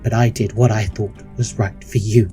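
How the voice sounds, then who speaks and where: A stern old matron who lectures without mercy, voiced by a man running a tabletop game. Her words are harsh and strict, and soft music plays behind her. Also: lowish voice, flat delivery, normal speed, close to an everyday voice. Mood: forceful. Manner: harsh, lecturing, pleading when trapped. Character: stern strict older woman, orphanage matron.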